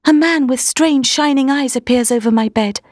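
A frightened, tearful young wife speaks softly and weakly, pleading in a raised voice, put on by a woman reader. The voice is dry, with no room around it. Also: sits high, moderate pace, dry recording, voice pushed up. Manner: soft, weak, pleading.

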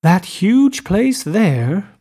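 A wistful, charming young woman, as a male reader puts her on, soft and admiring as she speaks. Her delight has a gentle, aching edge. Audiobook storytelling. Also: mid-range voice, sing-song, a little slow, breathy edge.

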